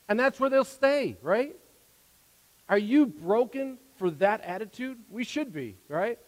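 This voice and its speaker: A man preaching a sermon as a pastor, earnest, repeating words as his volume swings from soft to loud. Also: high-pitched, animated, moderate pace, long reverb tail, poor audio.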